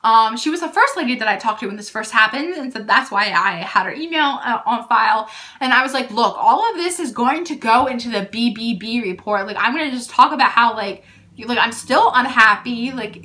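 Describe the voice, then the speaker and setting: A young woman telling a storytime vlog, indignant and animated, peppering her speech with "like". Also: on the high side. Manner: animated and indignant, heavy use of "like". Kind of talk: storytime vlog, casual retelling.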